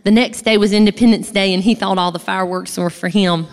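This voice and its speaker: A middle-aged woman from the United States telling a personal story in a lively way, acting out what other people said. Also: medium pitch, fast talker. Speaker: speaker sharing a personal testimony. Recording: long reverb of a large hall.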